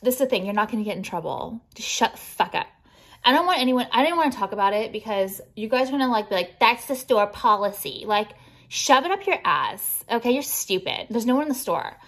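A woman's voice: on the high side, expressive, quick pace. A young woman designer vlogging casually, showing jewelry and ranting bluntly with lots of swearing and fillers.

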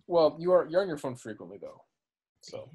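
A young American man co-hosting a casual podcast chat, jokey and loud, often bursting into shouts. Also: fairly high pitch, big pitch swings, a little fast, husky. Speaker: podcast co-host.

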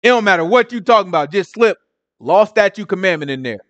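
Animated colloquial male Bible teacher. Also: high voice, quick pace, no echo, dull audio. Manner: animated, colloquial, mimics people in different voices. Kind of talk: casual sermon teaching.

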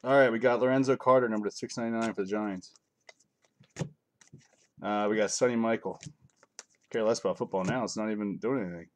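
A man's voice: lowish voice, fairly even intonation, a little fast, long pauses, a little hiss or hum. A middle-aged man hosting a live card break, reading out cards and joking casually with his viewers. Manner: offhand, joking, reads out cards while chatting to viewers. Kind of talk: casual live-stream chat.

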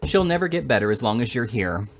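A man's voice: medium pitch, sing-song, fast. A man voicing a gossipy, coaxing middle-aged woman in a storybook reading. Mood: scolding. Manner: wheedling, exclaiming.

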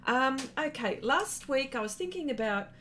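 An Australian woman talks through an art livestream in an easy, rambling way, full of ums and uhs. Her voice sits high for a woman. She keeps stopping mid-thought to say hello to viewers by name. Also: expressive, moderate pace, sharp tone, slight background noise. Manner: chatty, greets viewers by name, many fillers. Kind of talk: casual livestream chat.

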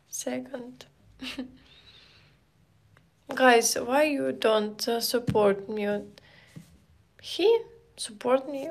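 A high-pitched young woman streaming live, speaking very slowly. She chats casually with her viewers in simple, non-native English, greeting them one by one.

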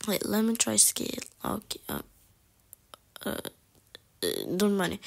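A woman commenting on a mobile game as she plays, thinking aloud, often dropping to whispers and breaking into excited exclamations. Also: medium pitch, a little slow, gravelly, poor audio. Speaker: gamer. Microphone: phone mic.

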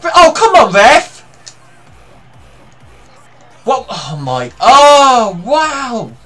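A young man giving live commentary on his own football video game match, excitable, shouting and swearing at the play. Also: very high-pitched, extremely slow, faint music behind. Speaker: gamer.

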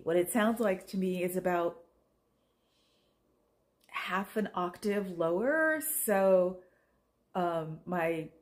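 A woman's voice: mid-range voice, darkish tone. A tired middle-aged woman from Oakland, California, chatting in a meandering, self-deprecating way for her vlog. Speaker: vlogger. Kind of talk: casual rambling chat.

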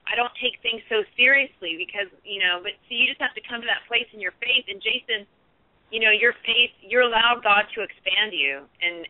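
A woman's voice: mid-range voice, no echo. A woman calling in to a religious talk show, giving earnest, preachy encouragement. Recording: tinny phone-line radio sound.

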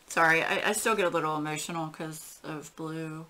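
A woman hosting a casual craft unboxing, gushing and getting emotional with breathy exclamations. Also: on the low side, animated, normal speed, few pauses, pushed and bright, slight background noise. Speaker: craft channel host.

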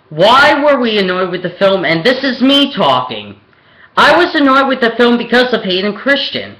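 Young vlogger, slow and rambling with lots of ums; recorded in a reverberant room. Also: mid-range voice, pushed and bright. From Pennsylvania, USA. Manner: rambling, hesitant, with many ums and restarts. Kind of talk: opinionated film rant. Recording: echoey room.

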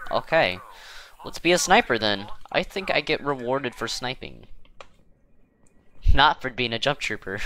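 A man's voice: mid-range voice, bright, forceful tone. A man hosting casual gameplay commentary, rambling and self-deprecating, with many fillers and restarts. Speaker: gaming channel host.

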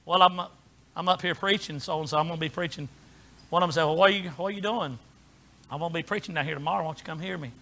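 A middle-aged preacher man with a high, bright voice. He talks in a folksy, down-home way, dropping to soft asides and then rising to shouted preaching. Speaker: pastor. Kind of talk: sermon.

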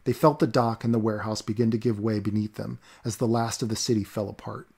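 A man narrating a fantasy story in a steady, measured reading. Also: lowish voice, creaky, breathy edge. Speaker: audiobook narrator.

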